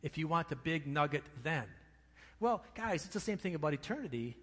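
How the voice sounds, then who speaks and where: A pastor preaching a sermon, stressing key words with slow, emphatic repetition. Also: male voice, a little high, lively intonation, fairly bright tone. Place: church sanctuary. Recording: long reverb of a church hall.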